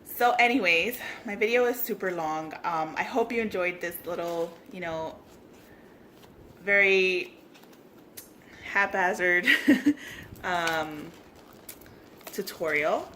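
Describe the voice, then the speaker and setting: A woman vlogging a casual craft tutorial, gushing and bubbly, at times dropping to soft whispers. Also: fairly low pitch, takes it slowly, slight background noise.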